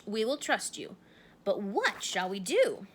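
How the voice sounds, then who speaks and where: A woman voicing a small, proud female mouse queen with a squeaky little voice, indignant and regal. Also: big pitch swings, slow, noisy background. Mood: cautious.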